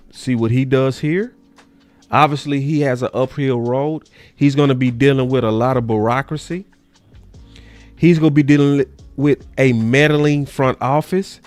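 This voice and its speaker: A man hosts a sports talk show, commenting casually and emphatically. He repeats his points and swears, sounding animated as his voice jumps between low and high.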